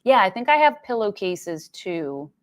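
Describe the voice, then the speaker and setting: A woman's voice: medium pitch, very animated, unhurried. Chatty woman reading live comments. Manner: chatty, reads viewer comments aloud, frequent fillers and laughs. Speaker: livestream host. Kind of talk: casual livestream chat reading comments.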